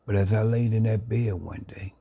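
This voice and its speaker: A man earnestly sharing his life story into a phone camera, reflective and unhurried. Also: on the low side, fairly even intonation, vocal fry, warm tone, breathy edge. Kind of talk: personal testimony, casual talk.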